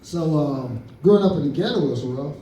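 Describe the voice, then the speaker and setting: A man's voice: fairly high pitch, lively intonation, moderate pace, dark tone, slight background noise. A man from East Saint Louis doing a stand-up comedy set on a club stage, telling stories and acting out the people in them. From East Saint Louis, Illinois. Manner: storytelling with acted-out quotes. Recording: roomy club sound from a distance.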